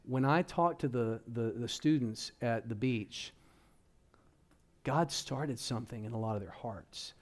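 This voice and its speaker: A man's voice: mid-range voice, measured pace. A man speaking to parents at a church workshop, talking to the audience in a conversational, direct way. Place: church hall.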